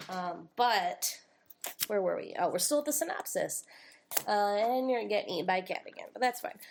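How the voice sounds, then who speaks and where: Brief woman podcast co-host, gravelly edge to her voice, faint noise behind, giggly and animated. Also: medium pitch, normal speed. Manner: giggly, animated storytelling with acted quotes. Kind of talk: casual movie recap chat.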